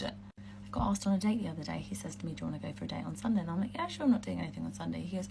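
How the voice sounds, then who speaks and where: A woman rattles through a dating story at speed, with a gravelly edge to her voice. She is sarcastic and plays out both sides of the conversation. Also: fairly low pitch, expressive, rapid-fire, warm tone, slight background noise, poor audio. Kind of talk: storytelling to camera.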